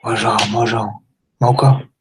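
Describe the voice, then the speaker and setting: A man voicing Moja, a confused caller who talks in halting, broken English and is hard to understand on a prank phone call. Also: lowish voice, steady tone, music in the background, lightly acted.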